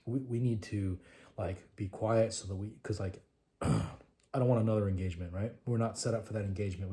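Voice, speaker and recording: Low, mellow-voiced man telling a story. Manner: animated storytelling, trails off to a hush. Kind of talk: conversational war story.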